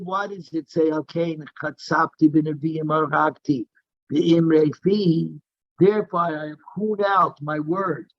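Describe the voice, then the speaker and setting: A man's voice: a little high, fairly bright tone, no echo, dull audio. A man teaching a daily Talmud class, reading Aramaic text in a singsong and explaining it in English. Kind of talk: Talmud lesson, reading and translating.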